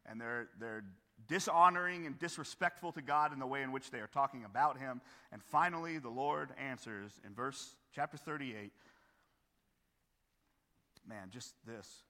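A man preaching a sermon as pastor, earnest and building to forceful emphasis, with frequent restarts and rhetorical questions. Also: medium pitch. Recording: long hall reverb.

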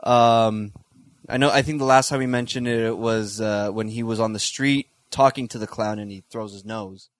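A man's voice: lowish voice, fairly even intonation, normal speed, dry recording. A man co-hosting a casual chat, joking and arguing playfully with his friend. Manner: joking, argumentative. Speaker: podcast co-host.

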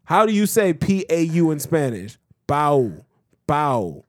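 A man's voice: fairly high pitch, sing-song, moderate pace, no echo, studio quality. A man co-hosting a podcast, talking in a casual, exasperated way and laughing through his protests. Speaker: podcast co-host. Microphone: podcast microphone.

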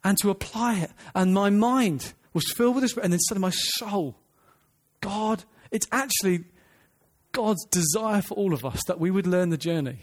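A man's voice: high voice, moderate pace. An earnest man preaching a sermon, emphatic, restarting phrases and asking the listeners questions.

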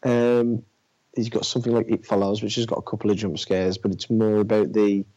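A man's voice: on the low side, level tone, a little fast, mellow. A man in casual chat about films, talking hesitantly with many fillers and restarts. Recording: dull lo-fi audio.

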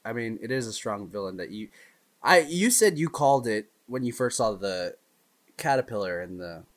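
A man's voice: on the low side, lively intonation, moderate pace. A man co-hosting a podcast, chatting casually about movies with a hesitant manner. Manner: hesitant, many fillers and restarts. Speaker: podcast co-host.

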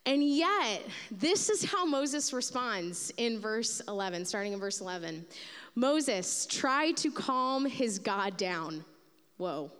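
A woman pastor giving a sermon, telling a Bible story in an animated way and acting out its figures. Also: fairly high pitch, takes it slowly, long reverb tail.

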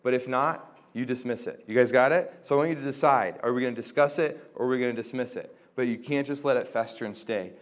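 A man's voice: mid-range voice, fast talker. Casual young man teaching a faith group. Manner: conversational, many fillers, acts out quoted exchanges. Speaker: Christian formation teacher.

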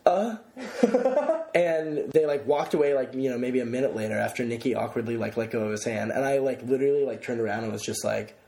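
A young man hosting a podcast, telling stories in an excitable, casual way and swearing freely. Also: medium pitch, fast, vocal fry, hardly any pauses. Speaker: podcast host.

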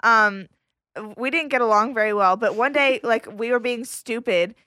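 A young woman with a bright, tense voice, talking a little higher than most, tells a rambling story in casual podcast chat. She fills it with "like" and acts out the quotes. The sound is close and dry. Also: moderate pace, smooth, dry recording. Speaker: podcast guest.

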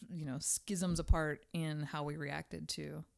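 A woman with a slightly low voice co-hosts a casual podcast. She is animated and talkative, swears freely, and rambles as she works through her thoughts. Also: slow pace, gravelly. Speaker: podcast co-host, teacher. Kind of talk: casual chat.

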